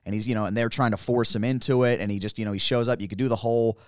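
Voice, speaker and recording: A man talking casually and rambling through animated opinions as a podcast co-host. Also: mid-range voice, very fast, dry recording, studio quality. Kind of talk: casual wrestling chat.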